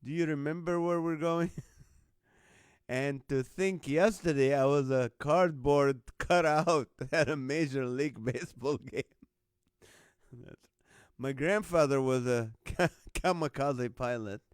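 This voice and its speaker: A man's voice: on the high side, slow pace, clear, resonant tone, dry recording, clean studio sound. A man hosting a live stream, reading out viewers' jokes and laughing often between lines. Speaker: host.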